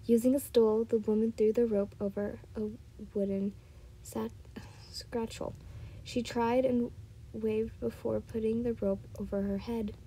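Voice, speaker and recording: A woman's voice: a little high, flat delivery, moderate pace, dark tone, slight background noise, poor audio. A woman reading fan fiction aloud, often stumbling and correcting herself. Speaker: storyteller.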